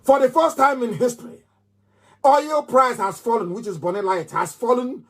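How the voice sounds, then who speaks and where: A man's voice: very high-pitched, moderate pace. A middle-aged man with a Nigerian accent giving a fiery live radio address, emphatic and repeating phrases like a chant. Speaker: movement leader on radio.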